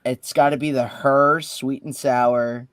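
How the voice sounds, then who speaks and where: A man's voice: medium pitch, steady tone, takes it slowly, a bit bright, no room sound, clean studio sound. A man chatting casually on a podcast, earnest and slightly fumbling his words. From Italian-American family. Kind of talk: casual chat.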